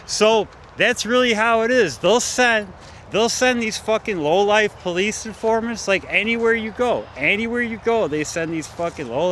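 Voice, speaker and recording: A man's voice: sits high, normal speed, fairly bright tone, slight background noise. A man vlogging outdoors near parked cars, talking in a profane, agitated, rambling way with many fillers. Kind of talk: rambling monologue to camera.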